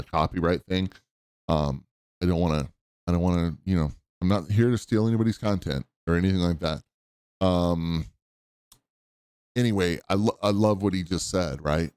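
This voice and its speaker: A man's voice: low voice, darkish tone, clear, resonant tone, dry recording, studio quality. A man in his fifties hosting a podcast, chatting casually and enthusiastically, rambling a little with restarts as he comments on clips. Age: 50s. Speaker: podcast host.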